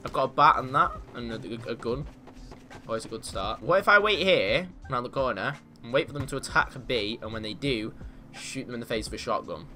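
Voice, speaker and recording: A man giving casual, excitable commentary on his own gameplay, boasting in jest and yelping when things go wrong. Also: mid-range voice, fairly quick, soft background music. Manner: excitable, mock-boastful, yelps and laughs in panic.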